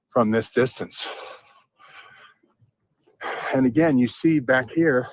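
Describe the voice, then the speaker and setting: A man's voice: medium pitch, slow, long pauses, darkish tone, no echo. A man giving casual, rambling commentary over video clips as a channel host, posing rhetorical questions.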